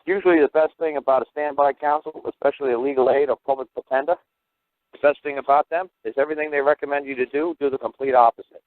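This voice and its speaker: A man hosting a call-in show, telling stories at a rapid clip with blunt, salty language. His voice comes through dry and narrow, like a phone line. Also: medium pitch, fairly even intonation, dry recording. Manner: blunt, profane, rapid storytelling. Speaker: host. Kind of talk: casual storytelling on a call-in show. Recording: tinny phone-line audio.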